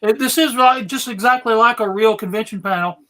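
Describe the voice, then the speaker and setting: A man hosting a video-call panel, introducing guests in a playful, drawn-out way. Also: high-pitched, over a noisy crowd. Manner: slow, playful, drawn-out phrasing. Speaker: panel host. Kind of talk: casual video panel chat.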